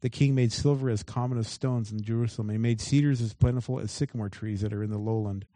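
Male pastor, sermon, reading scripture with pointed asides, warm dark voice, dry close sound. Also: mid-range voice, fairly even intonation, quick pace, no room sound. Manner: reads scripture aloud with emphatic asides.

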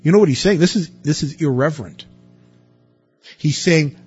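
A man's voice: on the high side, moderate pace, long pauses, a little mellow, slightly rough, lo-fi sound, faint music behind. A man preaching a sermon in a conversational way, asking his listeners rhetorical questions and stressing words. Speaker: pastor.

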